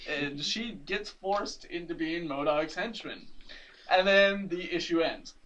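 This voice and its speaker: A man's voice: fairly high pitch, expressive, unhurried, a bit bright, recorded from a distance, dull audio, slight background noise. A man co-hosting a podcast, animatedly recapping a comic book in casual chat, laughing often and acting out the characters' lines. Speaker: podcast co-host.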